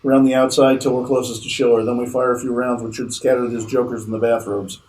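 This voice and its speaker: A man voicing a determined male army captain who speaks gruffly and bluntly. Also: medium pitch, flat delivery, fast talker, darkish tone, reverberant, far from the mic, a little hiss or hum, close to an everyday voice, poor audio.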